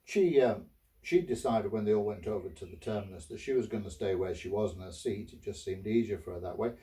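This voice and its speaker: A man's voice: on the low side, brisk, mellow, distant mic, rough recording. A man, a bishop giving a chatty storytelling homily, full of asides to the listener. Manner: conversational, restarts, asides to listener.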